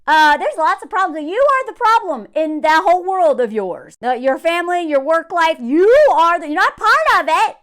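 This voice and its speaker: A woman's voice: extremely high pitch, lively intonation, moderate pace, hardly any pauses, fairly bright tone. A woman giving casual commentary, sarcastic and exasperated, full of fillers, mocking quoted lines in put-on voices. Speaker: commentary vlogger.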